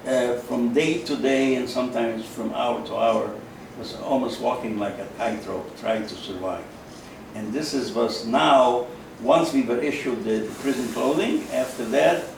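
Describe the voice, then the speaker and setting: A man, giving a halting personal testimony in an interview, full of fillers and repeats. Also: medium pitch, creaky, slight background noise. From Carpatho-Ruthenia, Eastern Europe. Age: 90s. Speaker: interview guest, Holocaust survivor. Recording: echoey room, mic at a distance.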